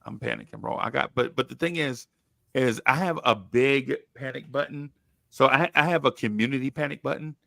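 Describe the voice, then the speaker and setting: A man hosts a casual sports podcast, rambling easily and dropping slang as he goes. His voice is heavily gravelly with plenty of vocal fry. It sounds close and dry, with no room around it. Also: medium pitch, a little fast, bright, forceful tone, no echo. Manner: laid-back, rambling with restarts and slang. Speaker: podcast host.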